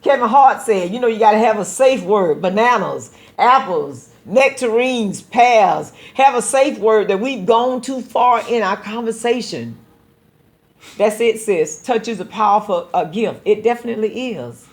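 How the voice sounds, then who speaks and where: A woman's voice: fairly high pitch, expressive, unhurried. A woman pastor hosting a call-in show, talking to listeners in an earnest, exhorting preaching style and often repeating words as she builds a point. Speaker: pastor and radio show host.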